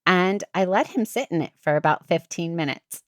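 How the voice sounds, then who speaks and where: A woman hosting a podcast, chatting casually and acting out what people said with sudden jumps in pitch. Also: moderate pace, no echo, studio quality. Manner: animated, acts out quotes with big pitch jumps. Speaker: podcast host. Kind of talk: casual storytelling chat.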